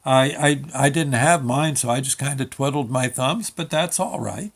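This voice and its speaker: Older guy, slightly high voice, halting and rambling, deadpan comic storytelling. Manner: rambling, halting, full of fillers and restarts. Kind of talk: comic monologue with quoted dialogue.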